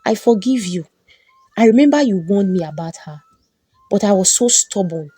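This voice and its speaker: A woman's voice: medium pitch, lively intonation, moderate pace, dark tone, slightly rough, no echo. A woman voicing a hurt but forgiving wife in a folktale. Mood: tearful. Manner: emotional.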